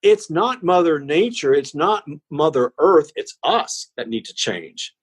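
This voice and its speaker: A man guest on an interview podcast giving a heartfelt spiritual message, slow and emphatic in an earnest, preaching way. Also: fairly high pitch, very animated, breathy edge.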